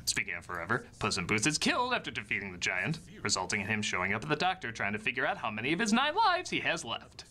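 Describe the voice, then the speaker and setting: A man's voice: mid-range voice, huge pitch swings, quick pace, few pauses, background noise. A young man narrating a scripted film review in an enthusiastic, wry way. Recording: voice-over with faint music.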